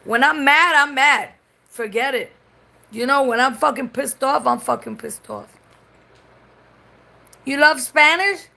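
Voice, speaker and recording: Puerto Rican woman, live-stream chat, bright, sharp tone, bilingual code-switching, blunt. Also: sits high, unhurried, creaky, pauses often. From Puerto Rico. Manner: switches between English and Spanish mid-sentence; blunt and swears freely.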